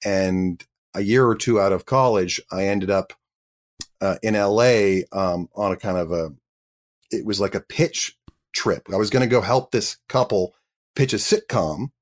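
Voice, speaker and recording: Man, fairly low voice, rambling anecdotal interview talk, lots of restarts. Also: unhurried. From Canada. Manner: chatty, self-interrupting, many restarts. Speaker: guest actor. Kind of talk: casual interview storytelling.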